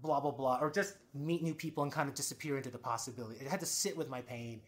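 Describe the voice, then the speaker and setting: Fast and expressive, this podcast guest shares candid stories in an interview. His delivery shifts from loud, animated outbursts to low, quiet passages, and he's profane and acts out other people's lines.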